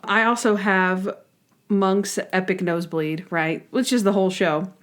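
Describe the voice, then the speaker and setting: Animated woman recapping scenes. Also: mid-range voice, unhurried. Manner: animated retelling, acting out scenes in quoted voices. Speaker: podcast co-host. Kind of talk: casual chat.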